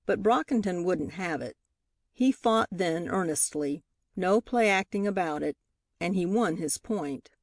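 This audiobook narrator, a woman with a voice on the low side, tells a novel in a measured yet expressive way. The scripted reading is captured in clean studio sound, free of room noise.

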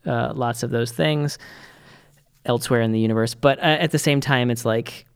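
A man in casual podcast chat as co-host, rambling and animated with quick asides. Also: medium pitch, creaky, clear, resonant tone.

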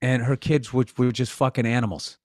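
A man's voice: mid-range voice, a little fast, no echo, studio quality. A middle-aged man co-hosting a podcast, telling stories in crude, profane casual banter. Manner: profane, animated storyteller. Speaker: podcast co-host.

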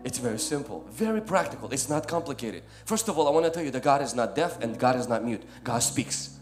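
A male pastor preaching a sermon, swinging from loud emphatic lines to soft ones and calling listeners "my friend". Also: mid-range voice, expressive, fast talker, faint music behind.

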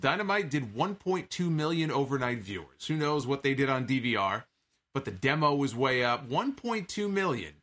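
A man's voice: mid-range voice, fairly bright tone. A man hosting a podcast, giving an opinionated, casual recap of a wrestling show and quoting lines from it.

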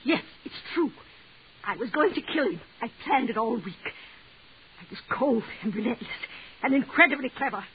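An actress playing a jealous, desperate wife who pleads in a breathless, overwrought way, in 1940s radio acting style. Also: female voice, fairly high pitch, lively intonation, normal speed, lightly acted. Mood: frantic. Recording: tinny old radio broadcast with hiss.

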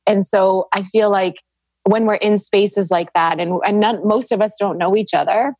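A woman's voice: mid-range voice, normal speed, a little mellow, no room sound. A young woman guest on a podcast, talking earnestly and reflectively about energy work in casual chat. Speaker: podcast guest, Reiki practitioner.

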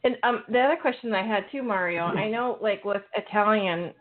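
A woman's voice: mid-range voice, fairly quick. A woman hosting a casual podcast, asking questions and dropping in lots of small agreements. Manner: asks questions, frequent backchannels. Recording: tinny phone-like audio.

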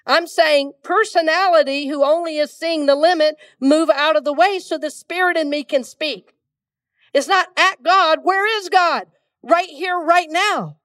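A woman's voice: high voice, distant mic. A woman from Georgia preaching a conversational sermon to a congregation. She is still getting over a cold and leads the room in call-and-response. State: still has a cold, congested. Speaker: minister.

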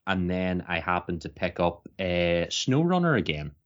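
A low-voiced man co-hosting a podcast, chatting in an easy, laid-back way. His voice sits deep, and the audio is somewhat dull and lo-fi. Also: big pitch swings, normal speed. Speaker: podcast co-host. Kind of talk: casual chat.

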